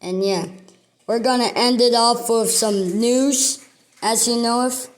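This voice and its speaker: A sports video host reads through a schedule item by item in a casual news rundown. Her somewhat high voice moves slowly with a steady tone, and her delivery is halting and list-like.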